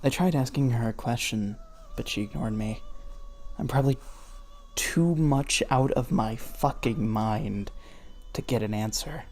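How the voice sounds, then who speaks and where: This is mocking read-aloud commentary on fan fiction, delivered in an unhurried, mid-range voice with a darkish tone over faint background music. The reader pauses often for sarcastic jabs, swears, and laughs at what's written.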